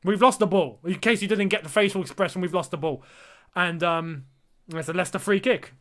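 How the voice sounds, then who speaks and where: A young man's brisk, fairly bright voice sits high as he runs a live football watchalong. He talks to his viewers straight, like they're his lads, giving live match reaction and commentary full of exasperation and disbelief.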